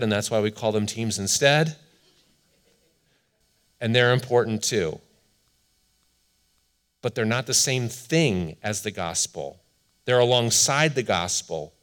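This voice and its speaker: A man preaching a sermon as pastor, earnest and emphatic, slowing down to stress key lines. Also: on the low side, fairly bright tone.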